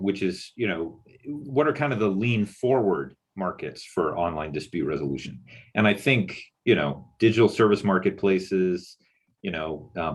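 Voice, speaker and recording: A middle-aged man from Texas presents in a panel discussion over a video call, musing aloud in a loose way with lots of fillers. His voice is low and husky.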